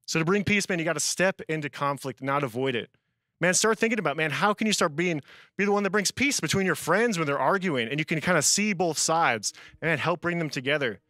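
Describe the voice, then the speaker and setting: A man's voice: on the high side, brisk, no room sound. A man giving a casual youth sermon, telling stories and dropping "man" into nearly every sentence. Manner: peppers sentences with "man", animated storyteller. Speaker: youth speaker.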